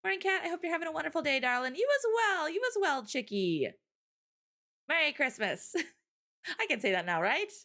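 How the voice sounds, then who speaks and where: A woman hosting a live stream, chatting casually, loud and laughing often. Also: high voice, big pitch swings, moderate pace, long pauses. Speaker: streamer host.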